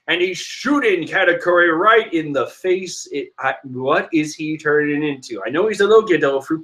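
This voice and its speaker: A man's voice: fairly high pitch, lively intonation, a little slow, fairly bright tone. A man casually reading through a comic chapter aloud, joking and sarcastic with frequent laughs. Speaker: manga reader commentator.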